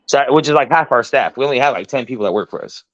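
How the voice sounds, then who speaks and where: A man hosting a casual talk show, telling a story in an animated, profane way and acting out the voices of the people in it. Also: mid-range voice, racing, no echo, muffled recording. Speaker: podcast host.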